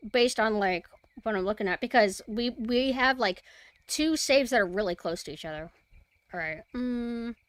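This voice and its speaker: A young woman streaming a horror game, chatting casually and excitably as she plays. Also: on the high side, no room sound. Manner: chatty, excitable, cheering her dog on. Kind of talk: casual gameplay commentary.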